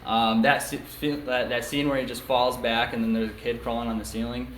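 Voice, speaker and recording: A man's voice: medium pitch, level tone, brisk, fairly bright tone, a little hiss or hum. A young man from New York State telling his own story at a recovery meeting, speaking frankly and casually with many ums and you-knows. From New York State, USA. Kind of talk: candid personal testimony. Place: meeting room before a small group. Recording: echoey meeting room, faint ambience.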